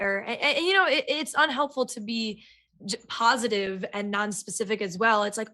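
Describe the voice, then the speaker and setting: Bubbly energetic woman guest, bright tone, lots of likes and you-knows. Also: fairly high pitch, fairly quick. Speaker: guest actor. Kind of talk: casual podcast chat.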